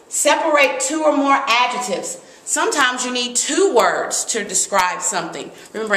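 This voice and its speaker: Woman teacher, lively grammar lesson, crisp bright tone, roomy echo. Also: mid-range voice. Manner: lively, emphatic, reads examples aloud. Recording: echoey room.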